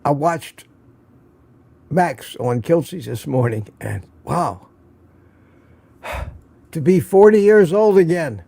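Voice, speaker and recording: A man's voice: fairly high pitch, expressive, slow, gravelly, long pauses, mellow, husky. An older man hosting a casual morning livestream, musing and rambling, a bit out of breath, with sighs and restarts. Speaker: livestream host.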